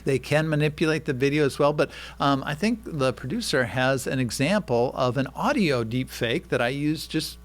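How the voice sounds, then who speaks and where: Man, lecturer, radio guest, explanatory, filler-heavy, medium pitch. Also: lively intonation, moderate pace, hardly any pauses. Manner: explanatory, with frequent "uh" and "um". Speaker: guest expert on deepfakes.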